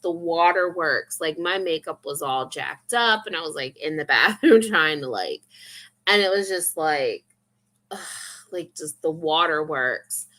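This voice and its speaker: A woman's voice: on the low side, sharp tone. A young woman vlogger in casual, rambling, confessional chat full of fillers.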